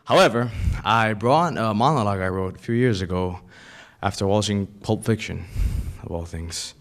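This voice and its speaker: A man at a college open mic, casually and apologetically introducing his piece. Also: moderate pace. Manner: apologetic, low-key. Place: college event stage.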